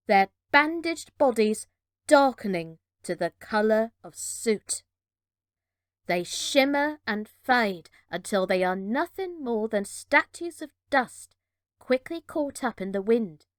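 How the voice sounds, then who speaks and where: A woman reading a children's adventure storybook aloud with measured, dramatic narration. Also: sits high, expressive, dry recording, studio quality.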